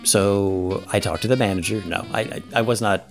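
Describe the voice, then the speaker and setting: A man in his late thirties from Ohio, co-hosting a podcast and telling a long casual story, quick to act out other people's lines. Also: lowish voice, creaky, faint music behind. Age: 30s. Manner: rambling storyteller, animated when quoting others. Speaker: podcast co-host. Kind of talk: casual chat.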